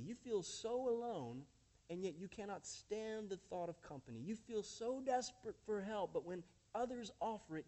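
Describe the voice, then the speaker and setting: A pastor whose voice is notably high yet dark in tone gives an emphatic sermon from the pulpit. He addresses the congregation as friends and church and frames point after point as rhetorical questions.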